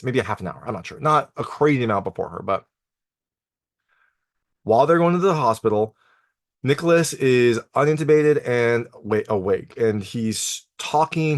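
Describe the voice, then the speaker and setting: A man's voice: mid-range voice, no room sound, studio quality. A man hosting a TV review channel, casually recapping an episode with lots of filler words. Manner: conversational, lots of "like" and "you know" fillers. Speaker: TV review host.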